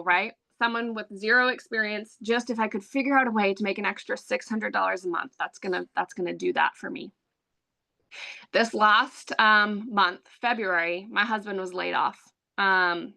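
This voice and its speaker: Gravelly, bright-voiced woman telling her story. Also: mid-range voice. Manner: candid, chatty, heavy with "um" and "like". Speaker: online business presenter. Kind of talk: personal story pitch to an audience.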